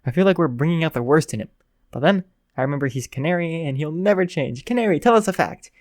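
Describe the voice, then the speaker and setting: A man voicing a loud, teasing male radio host and teacher in a read-aloud fan story, talking in a brash, upbeat way. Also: a little high, animated, quick pace, no echo, clean studio sound, lightly acted.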